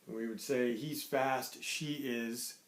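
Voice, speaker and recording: A man teaching young children in an online lesson, cheerful and patient, slowly sounding out words. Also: mid-range voice, fairly even intonation. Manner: cheerful, sings a greeting song, slow clear sounding out of words.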